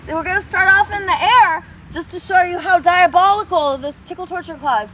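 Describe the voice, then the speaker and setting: A woman's voice: extremely high pitch, a little fast, pushed and bright. A woman chatting on a casual livestream outdoors, reading chat in a playful, doting, sing-song way. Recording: noisy outdoor street recording. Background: traffic noise.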